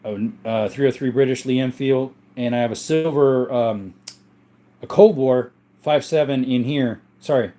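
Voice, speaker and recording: A gun collector hosting a livestream from his home room, where his guns are kept, reads viewer comments and replies in a relaxed, wandering manner. His medium-pitched voice is mellow, a little slow, and strained and worn.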